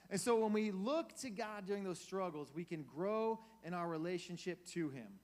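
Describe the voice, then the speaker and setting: A man's voice: high voice, lively intonation, normal speed, hardly any pauses, a little mellow. A man giving a casual, conversational sermon as a youth pastor, asking his audience questions. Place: church hall. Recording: long reverb of a church hall.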